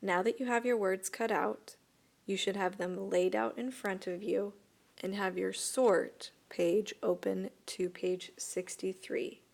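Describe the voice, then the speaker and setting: A woman's voice: mid-range voice, steady tone, slow, creaky. A woman teacher recording a video lesson, giving patient step-by-step instructions to her students. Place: voice-over for an interactive whiteboard video.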